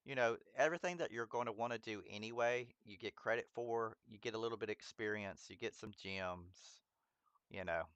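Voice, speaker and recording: A man's voice: fairly low pitch, a little fast, a bit bright, clear, resonant tone, no echo, muffled recording. A man streaming a mobile game, chatting casually with viewers, rambling, stumbling over their names and laughing at himself. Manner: chatty, talks straight to viewers in chat. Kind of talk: casual live-stream gameplay chat.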